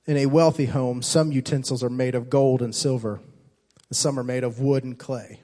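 A man preaching a sermon as pastor, impassioned, repeating and restarting phrases and swinging between loud and soft. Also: medium pitch, fairly even intonation, moderate pace.

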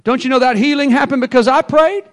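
A man's voice: extremely high pitch, very animated, normal speed, voice pushed up. A man voicing a boastful, self-important preacher who brags about his own power. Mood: smug, boastful. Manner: preening, showing off.

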